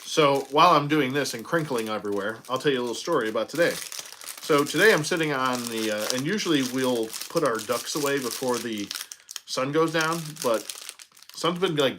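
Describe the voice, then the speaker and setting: A man's voice: mid-range voice, pushed and bright, slight background noise. Guy vlogging an unboxing at home, rambling storyteller, laughs a lot. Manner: rambling storyteller, laughs often, drawn-out pauses. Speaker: toy collector reviewer. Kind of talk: casual unboxing chat. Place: home room.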